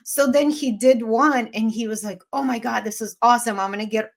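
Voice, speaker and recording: A middle-aged woman from Eastern Europe co-hosting a podcast in casual chat, an animated storyteller who acts out the people she quotes. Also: fairly high pitch, brisk, gravelly. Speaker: podcast co-host.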